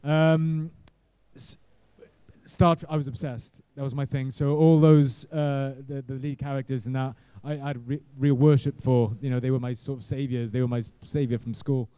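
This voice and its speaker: A middle-aged man, a guest actor, telling rambling self-deprecating stories at a convention panel, full of halting restarts. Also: mid-range voice, little pitch movement, dark tone, clean tone, no room sound. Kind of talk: casual convention panel storytelling.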